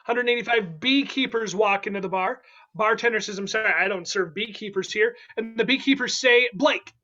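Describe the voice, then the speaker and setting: High, bright-voiced man hosting improv. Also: lo-fi sound. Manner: playful, quick, laughing asides. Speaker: improv game host. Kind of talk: hosting an online improv game.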